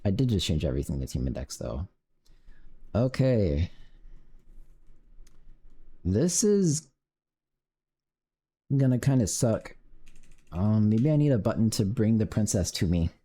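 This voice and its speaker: A man's voice: lowish voice, big pitch swings, normal speed, mellow, breathy edge. A man streaming his game development, muttering to himself while coding and cursing when things break. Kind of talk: casual live-coding commentary.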